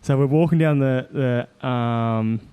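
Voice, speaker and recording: An Australian man telling a story in casual chat as a guest, animated and laughing often as he acts out what people said. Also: medium pitch, a little slow, clear, resonant tone, narrow, tinny audio.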